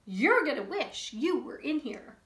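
A woman's voice: sits high, big pitch swings, a little slow, fairly bright tone, voice pushed up, exaggerated voice. A woman voicing a bossy, scheming hen who talks tough and calls everyone kid. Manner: brusque, calls others kid. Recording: roomy echo.

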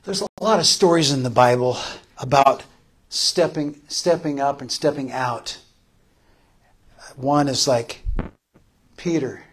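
A male pastor preaching a sermon with passion, repeating phrases for emphasis, rising to loud calls and dropping to soft, tender lines. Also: mid-range voice, slow pace, pauses often, husky.

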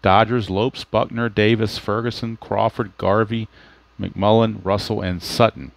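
A man with a fairly low voice and some vocal fry calls play-by-play for a tabletop baseball replay at a measured pace. He steadily explains player ratings and dice rolls, thinking aloud about the rules. He's recording at home at his computer.

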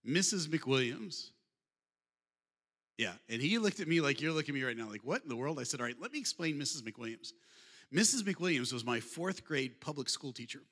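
A man in his fifties tells funny stories to a crowd, talking fast with a bright, forceful voice. He keeps turning to his listeners in a warm, conversational way. His voice rings with the long reverb of a big hall. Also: mid-range voice, expressive. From Michigan, USA. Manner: humorous, conversational, addresses the audience directly. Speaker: guest speaker. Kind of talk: storytelling talk.

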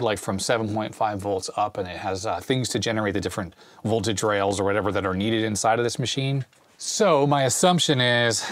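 A man hosting a retro computer repair video, thinking aloud in a relaxed way while he takes a machine apart. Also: medium pitch, no echo. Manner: thinks aloud while working, relaxed, with small fillers and laughs. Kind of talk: casual hands-on show-and-tell.

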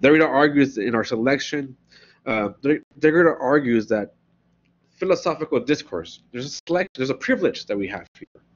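Heard on a dull, lo-fi classroom recording, a man with an expressive mid-range voice talks through philosophy at normal speed. His delivery is conversational, peppered with "right?" as he explains.

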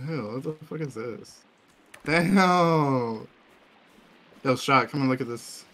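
A man playing a survival game with friends, excitable and quick to yelp and laugh. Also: mid-range voice. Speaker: co-op player. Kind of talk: casual gameplay chat.

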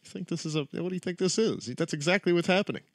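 Guy streaming a shooter, swears a lot, jokey trash talk, kinda high voice, dry close sound. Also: very fast, dry recording. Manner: loose, profane, joking trash talk. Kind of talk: casual live-stream chat while gaming.

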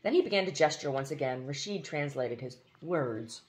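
A woman reading a novel aloud as audiobook narration, expressive, with occasional slips and restarts. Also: low-pitched, moderate pace. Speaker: audiobook reader.

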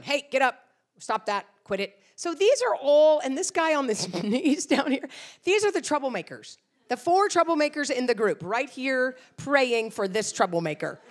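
Middle-aged female preacher, higher-pitched, expressive storyteller. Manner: animated storytelling with acted-out quotes. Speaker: guest speaker. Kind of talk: sermon.

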